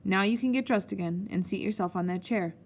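A woman voicing a wise male doctor who speaks in a measured, knowing way. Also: mid-range voice, husky. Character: wise male family doctor, shrewd but kind.

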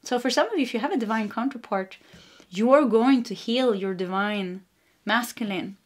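A woman with a Swedish accent giving a casual spiritual tarot reading, meandering and giggly, gently reassuring. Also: a little high, moderate pace. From Sweden. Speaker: tarot card reader.

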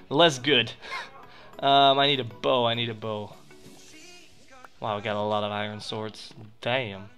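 A young man commentating a video game he is playing, chatting to viewers and yelping loudly whenever something goes wrong. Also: medium pitch. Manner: excitable, yelps and shrieks when startled. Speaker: gaming channel host. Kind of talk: let's play commentary.

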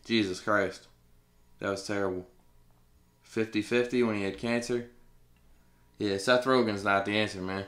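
A man's voice: fairly low pitch, fairly even intonation, moderate pace, pauses often, crowd noise. A man co-hosting a podcast, trading blunt, profane banter in casual chat. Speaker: podcast co-host. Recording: roomy echo.

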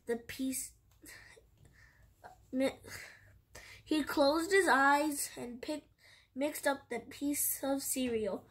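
A woman reading a picture book aloud in a careful, halting way. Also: high voice. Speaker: storybook reader.

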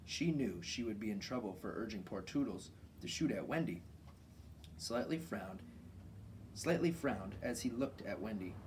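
A man reading a children's book aloud in an informal, relaxed way, from his home garage workshop. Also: lowish voice, brisk, hardly any pauses, distant mic, slight background noise, rough recording. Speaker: children's story reader.

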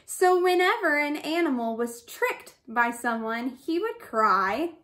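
A woman's voice: high voice, very animated, takes it slowly, hardly any pauses, a bit bright. A woman reading a folk tale aloud expressively, adding sound effects. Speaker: storyteller.

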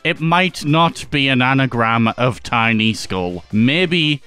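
A man's voice: mid-range voice, lively intonation, slow pace, bright, forceful tone, smooth, faint music behind. A man giving edited gameplay commentary in a sarcastic, joking way, laughing often. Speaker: gaming YouTuber.

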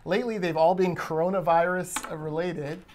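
A man's voice: high voice, fairly even intonation, normal speed, a little mellow, slight background noise. A man co-hosting a casual discussion podcast, giving pointed, conversational commentary. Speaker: podcast co-host.

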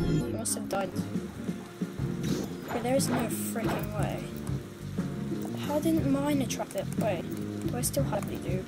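A woman with a somewhat high voice narrates her gaming session live, quick to get excited and quicker to rant when things go wrong. Loud game music plays underneath the whole time. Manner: excitable, exasperated, ranting. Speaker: gamer. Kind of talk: live gameplay commentary.

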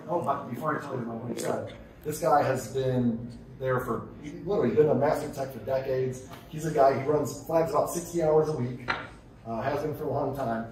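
A man delivers a conference keynote at a brisk clip, tossing rhetorical questions to the crowd. His voice rings around a large, echoey hall. The mic sits some way off. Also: mid-range voice, far from the mic, noisy background. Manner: energetic, conversational, asks rhetorical questions. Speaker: keynote speaker.

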